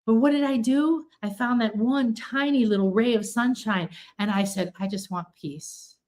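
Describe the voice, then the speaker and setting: A woman's voice: moderate pace, a little mellow. Woman, middle-aged, spiritual healing teacher, earnest, repeating lists, motivational talk. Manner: earnest, acts out quoted pleas in a higher voice; builds long repeated lists.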